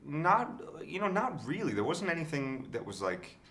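Sex: man. Role: film actor in a junket interview. Tone: bright and forceful. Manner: joking, animated, lively pitch. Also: moderate pace, a little hiss or hum.

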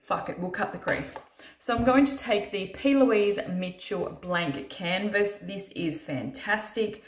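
A woman's voice: medium pitch, measured pace. A tired woman talking through a makeup tutorial, chatty and self-mocking, swearing casually as she works. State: tired from little sleep. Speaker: makeup artist doing a tutorial. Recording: roomy echo.

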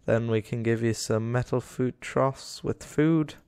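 A man's voice: mid-range voice, unhurried, a little mellow, clear, resonant tone, no echo, clean studio sound. A young man giving casual, rambling commentary over a game, talking to the animals on screen and getting exasperated with them. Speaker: gaming YouTuber.

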